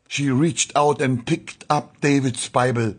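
A man narrating an audiobook in a measured, solemn storytelling manner. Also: medium pitch, fairly even intonation.

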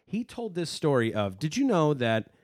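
A man's voice: fairly high pitch, sing-song, normal speed, darkish tone, no echo, studio quality. A man co-hosting a podcast in casual chat, rambling and hesitant, full of fillers. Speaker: podcast co-host.

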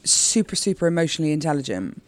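A woman from Bristol with a Bristolian accent, chatting in an interview as a comedian guest in a rambling way full of quick asides. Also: deep voice, sing-song. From Bristol, England. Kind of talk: casual interview chat.

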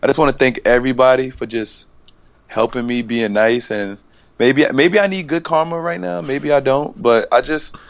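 A man's voice: mid-range voice, steady tone, normal speed, highs cut off. A young man co-hosting a podcast, joking and rambling in slangy casual chat. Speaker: podcast co-host.

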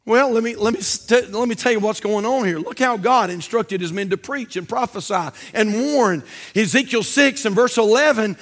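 A male pastor preaching a fiery sermon in a church, swinging between shouted warnings and hushed asides. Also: very high-pitched, brisk. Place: church auditorium.

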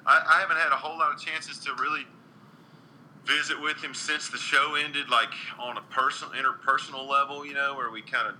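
A man's voice: medium pitch, steady tone, a little fast, bright, forceful tone, a little hiss or hum, low-quality recording. A man, a country singer, chatting earnestly in an interview with frequent restarts and ums. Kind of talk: casual interview chat.

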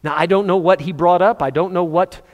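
A man preaching a sermon, telling the story with animated, acted-out scenes. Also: high-pitched, a little fast, muffled recording. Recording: long hall reverb.

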